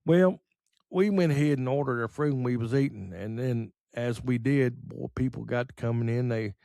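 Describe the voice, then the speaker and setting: A middle-aged man telling rambling, folksy stories on a podcast, full of pauses and fillers. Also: mid-range voice, creaky, mellow, no echo, clean studio sound. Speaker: podcast host. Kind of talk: casual storytelling.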